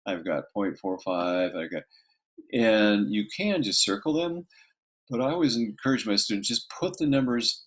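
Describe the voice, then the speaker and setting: A man teaching a casual math lesson, talking through each step aloud and checking in with "okay" often. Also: fairly low pitch.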